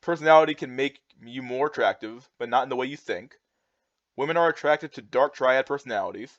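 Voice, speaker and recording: A young man with a mid-range voice talks a little fast in a heated, rambling rant about charts. He keeps repeating himself, restarting and using fillers. The audio is dull, lo-fi and dry, with no room sound.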